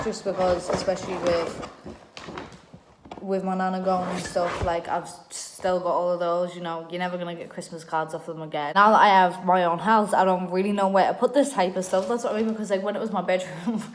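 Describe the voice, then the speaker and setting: A woman's voice: fairly low pitch, fairly even intonation, fairly quick. A young woman, chatting casually and rambling as she goes through keepsakes at home. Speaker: vlogger. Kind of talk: casual chat. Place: her own home, a bedroom. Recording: roomy with faint noise.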